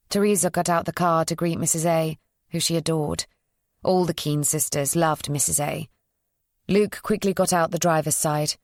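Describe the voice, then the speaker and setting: A woman reading a psychological thriller as an audiobook narrator, in an even, measured storytelling voice. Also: low-pitched, dry recording, studio quality.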